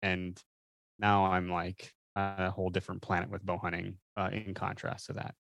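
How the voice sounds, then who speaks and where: A man chatting as a podcast guest, telling stories with lots of fillers and animated bursts. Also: sits low, normal speed, gravelly, no room sound, studio quality. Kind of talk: casual chat.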